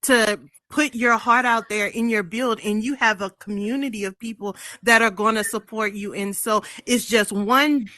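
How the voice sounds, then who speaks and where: A woman interviewing a colleague in casual chat, warmly encouraging and affirming her. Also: fairly high pitch, fairly even intonation, moderate pace, few pauses, no room sound, clean studio sound.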